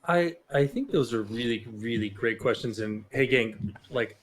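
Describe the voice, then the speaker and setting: A man hosting a casual podcast as a martial arts instructor, with a loud, booming, theatrical voice and animated delivery on a close mic. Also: measured pace. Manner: animated, breaks into loud shouted impressions. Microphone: close studio mic.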